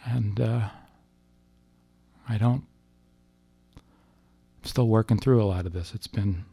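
A man with a low, gravelly voice tells a personal story in the manner of a testimony. His delivery is halting and emotional, full of restarts as he works through what happened. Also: dark tone, no room sound.

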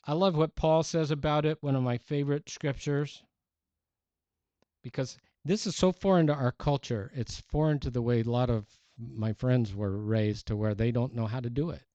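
A man's voice: mid-range voice, normal speed, dark tone, no echo, highs cut off. A man preaching a sermon in an earnest, emphatic way, reading scripture aloud.

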